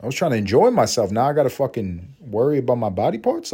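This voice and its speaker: Animated crude-joking podcast man. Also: medium pitch, fast, slightly rough. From Puerto Rico. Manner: crude, rambling, animated, slips into mocking voices and laughs. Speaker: podcast host. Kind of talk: solo comedic monologue.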